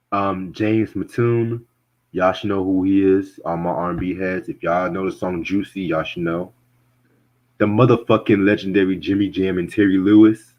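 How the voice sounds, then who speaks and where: A young man hosting a casual podcast, talking bluntly with lots of swearing and frequent laughter. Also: low voice. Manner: blunt, animated, laughs often, swears freely. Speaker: podcast host and music reviewer. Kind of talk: casual profane podcast chat. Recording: dull lo-fi recording.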